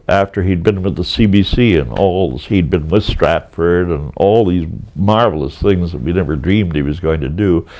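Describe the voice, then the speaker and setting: An older man from Canada, recounting theatre stories in an interview as a lively storyteller. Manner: lively storyteller, rises in pitch when animated. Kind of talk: reminiscing anecdote.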